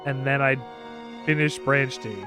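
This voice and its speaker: A man's voice: mid-range voice, level tone, measured pace, music in the background. A man streaming a video game, giving casual, chatty, playful commentary.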